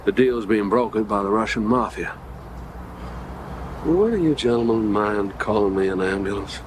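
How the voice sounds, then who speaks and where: Male actor: smug Southern fixer, low voice, dry and unbothered, film-audio ambience. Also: normal speed, natural voice. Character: smug male government fixer, middle-aged, wounded. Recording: film soundtrack with ambient noise.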